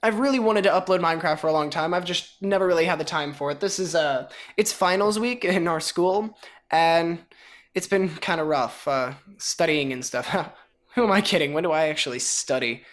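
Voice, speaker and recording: A woman's voice: fairly low pitch, normal speed. A woman casually walking through a game mod as a video host, chatty and rambling with self-mocking jokes. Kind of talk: casual mod tutorial commentary.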